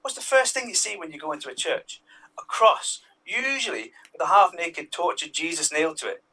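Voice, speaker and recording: Lively, bright-voiced male comedian. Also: on the high side, fairly quick, recorded from a distance, rough recording. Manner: animated, jumps into voices for characters. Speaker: stand-up comedian. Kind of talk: stand-up comedy set.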